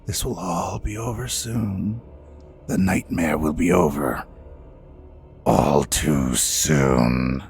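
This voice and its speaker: A man voicing a menacing vampire stalker in a whispered role-play, slow and taunting, close to the ear. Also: low-pitched, vocal fry, darkish tone, soft background music, voice pushed down, full character voice.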